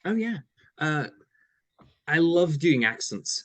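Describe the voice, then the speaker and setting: A man guesting on a casual podcast chat, excitable and quick to laugh. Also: medium pitch, dry recording.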